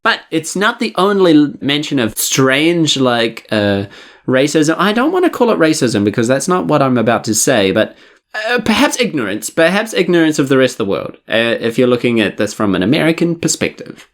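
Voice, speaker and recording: A man's voice: on the high side, very animated, moderate pace. Musing man in a loose podcast chat. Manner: musing, loosely worded, casual swearing. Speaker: podcast co-host. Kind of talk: casual book discussion.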